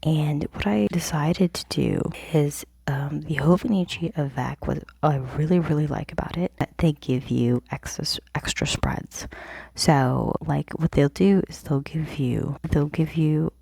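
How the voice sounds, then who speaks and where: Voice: mid-range voice, measured pace, gravelly, slightly rough, no echo. A young adult host whispering a casual, rambling planner review into a close microphone in a home office before dawn. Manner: hushed whisper, rambling with fillers. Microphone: plugged-in microphone, close.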